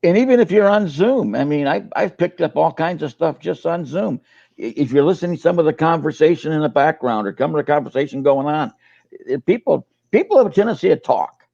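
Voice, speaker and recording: A man's voice: a little high, animated, fairly quick, creaky, mellow, no room sound, highs cut off. An older man and co-host, telling folksy sales stories in a casual webinar chat, often repeating his words. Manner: folksy storyteller, repeats words, uses fillers.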